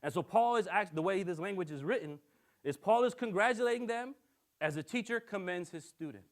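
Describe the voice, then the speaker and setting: A young male minister preaching at a quick clip, his voice sitting high for a man. He tells his story with animation, acts out the other voices and keeps checking in with the room. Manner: animated storytelling, acting out quoted voices, frequent "right?". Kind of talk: sermon with personal story.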